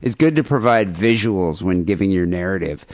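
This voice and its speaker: A man's voice: low-pitched, expressive, moderate pace, darkish tone, no room sound. A man hosting a podcast in loose, joking banter. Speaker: podcast host. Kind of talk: casual podcast chat.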